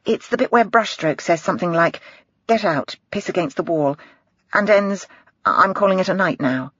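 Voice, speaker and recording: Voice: medium pitch, normal speed, a bit bright, slightly rough, no echo, highs cut off. A narrator voicing a brash middle-aged male detective who talks in a blunt, sarcastic way and swears freely.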